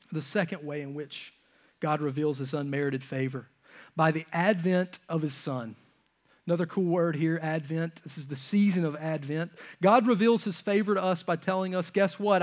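High-voiced man preaching a sermon. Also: moderate pace. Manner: swings from loud emphatic to hushed, near-whispered lines. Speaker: pastor. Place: church stage.

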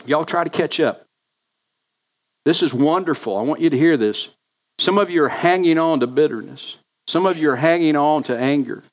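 A male pastor preaching a sermon, earnest and repeating key phrases for emphasis. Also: fairly high pitch.

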